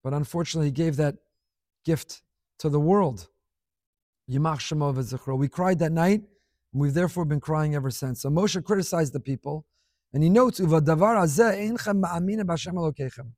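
A middle-aged man delivers an impassioned sermon, voice rising and falling sharply in loudness. His voice sits somewhat high for a man. The recording is dry and close. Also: moderate pace, long pauses, dry recording. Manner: impassioned, dramatic swings in volume. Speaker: rabbi.

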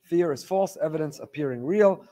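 A man teaching a Torah class, reading listener emails aloud in an animated storytelling way with wry asides. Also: a little high, normal speed.

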